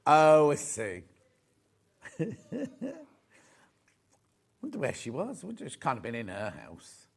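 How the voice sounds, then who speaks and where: A man's voice: medium pitch, huge pitch swings, measured pace. A man with a Yorkshire accent presenting fabric on a live shopping channel, chatty and gushing, full of asides. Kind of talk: live TV sales chat.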